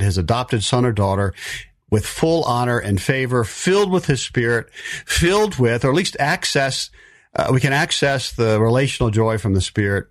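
A man's voice: medium pitch, no echo, studio quality. A man teaching a sermon-style Bible talk for a podcast, emphatic, with frequent fillers and restarts. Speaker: podcast preacher.

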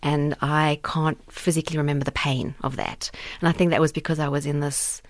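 A woman's voice: low-pitched, flat delivery, brisk, no room sound. A woman in her forties, a guest activist, giving candid and earnest personal testimony in conversation, with many fillers and restarts.

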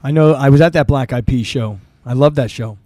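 A man's voice: mid-range voice, a little mellow, no echo, clean studio sound. A man hosting a podcast, chatting casually and eagerly with a guest in an office. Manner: quick, enthusiastic talker. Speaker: podcast host. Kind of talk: casual interview chat.

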